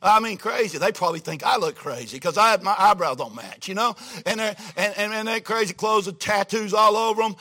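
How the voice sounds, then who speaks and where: In a brisk, high-pitched voice, a man tells stories from the pulpit to a church congregation. His manner is folksy and animated, moving between quiet quoted asides and loud exclamations.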